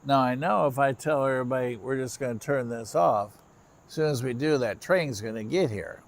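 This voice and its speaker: At night by the railway, a tired middle-aged man runs a livestream for fellow railfans and chats casually with those watching. He has a mid-range voice and speaks at a normal pace, with crickets and insects chirping behind him.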